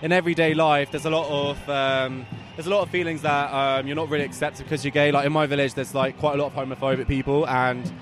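A man's voice: fairly high pitch, level tone, fast, hardly any pauses. A man in his twenties, interviewed outdoors at a street parade, talking earnestly and chattily with many fillers. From England. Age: 20s. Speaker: parade attendee.

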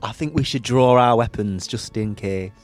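A man's voice: mid-range voice, normal speed. A man playing a character in an improvised tabletop game, with dry, matter-of-fact quips. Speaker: player in improvised role-play. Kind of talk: in-character improv role-play.

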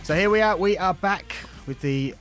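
A man's voice: high-pitched, music in the background. An Irish man in his forties hosting a podcast, chatty and teasing in casual banter. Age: 40s. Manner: teasing, chatty, quick-witted. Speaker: podcast host.

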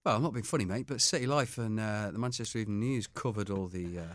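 A man's voice: on the low side, quick pace, dry recording, studio quality. A man presenting a radio show, playing up mock annoyance in casual banter. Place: radio studio. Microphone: studio microphone.

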